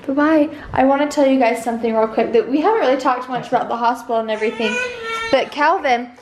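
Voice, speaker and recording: A young mother with a high, bright-pitched voice chats casually into a handheld camera at home. She often slips into gentle baby talk with her toddler, and faint noise sits behind her. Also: fast talker. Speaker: vlog host and mother. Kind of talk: casual family vlog. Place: family home indoors.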